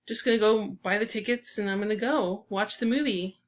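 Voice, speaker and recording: A woman voicing a flustered young man at the movies, who denies everything in rapid bursts. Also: medium pitch, lo-fi sound, close to an everyday voice. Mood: defensive. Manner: defensive, rapid denials.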